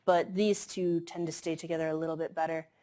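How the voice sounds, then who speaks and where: A woman's voice: low-pitched, level tone, fairly quick, dark tone. A woman giving a chemistry lecture in a classroom, explaining casually with many fillers. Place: lecture hall.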